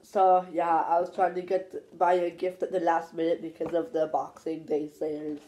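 A woman chatting playfully in a holiday vlog, breaking into yelps and sudden loud outbursts. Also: lowish voice, level tone, moderate pace. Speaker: vlogger.

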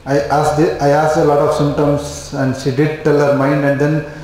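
A man's voice: on the high side, flat delivery, normal speed, darkish tone. A man giving a live class lecture, repeating points and checking in with "okay?" again and again. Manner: repetitive, checks in with "okay?" constantly. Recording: very echoey classroom, faint noise.

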